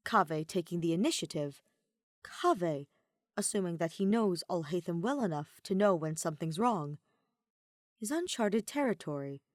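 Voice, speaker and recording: Low-voiced woman narrating a story. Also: no room sound, clean studio sound. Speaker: podfic reader. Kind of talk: audiobook narration of fan fiction.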